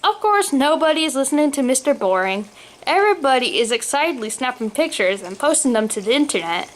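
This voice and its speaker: A woman's voice: sits high, big pitch swings, brisk. Woman reading a humorous story aloud. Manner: reads aloud, occasional slips. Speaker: story reader. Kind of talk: storybook narration.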